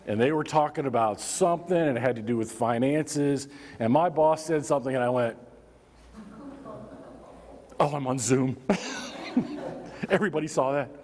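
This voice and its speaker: A man's voice: medium pitch, normal speed, darkish tone. A man leading a workplace safety training session, talking conversationally and drawing the audience in with prompts and acted-out examples. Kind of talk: live training workshop talk. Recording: reverberant hall sound.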